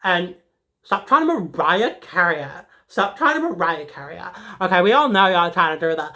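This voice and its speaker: A woman's voice: on the low side, lively intonation, normal speed, pushed and bright. A woman playing a sassy, dramatic teenage schoolgirl in a comedic character monologue, rambling and emotional with lots of "like". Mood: indignant.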